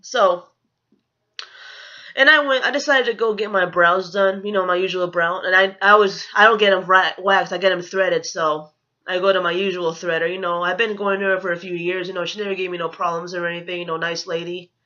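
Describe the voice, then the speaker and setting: Woman, vlogger, storytime rant, rambling, profane, indignant, bright sharp voice, muffled lo-fi audio. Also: fairly low pitch, steady tone, a little fast. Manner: rambling, profane and indignant, with many "you know" fillers.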